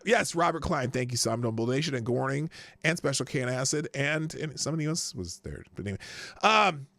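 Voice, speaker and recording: A man's voice: sits high, pushed and bright, dry recording. A man hosting a live news stream, chatting casually, greeting viewers by name and often trailing off mid-sentence. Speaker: livestream news show host. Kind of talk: casual livestream chat.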